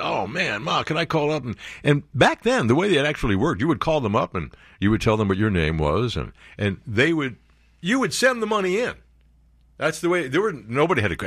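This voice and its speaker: A man's voice: fairly low pitch, a bit bright, no echo, studio quality. A man, a radio host telling a rambling anecdote. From New York. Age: 70s. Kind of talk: casual storytelling on talk radio.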